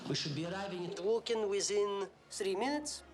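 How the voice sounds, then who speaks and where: A man's voice: high voice, expressive, moderate pace. A prodigy teenage ensign on a starship, eager to please. He speaks with a thick Russian accent in formal, clipped reports, in the style of film dialogue. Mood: earnest.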